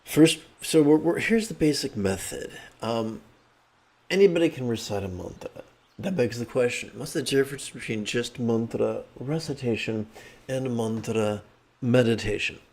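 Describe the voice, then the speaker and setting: A man guiding a meditation, speaking slowly with a gravelly edge. His voice sits dark and mellow as he chants mantras in a steady monotone, then drifts into relaxed, joking teaching asides. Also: mid-range voice.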